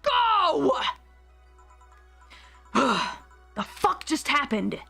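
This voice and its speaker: A woman streaming a game, chatting casually, animated, swearing and laughing often. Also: a little high, measured pace, soft background music. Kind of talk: casual gameplay stream commentary.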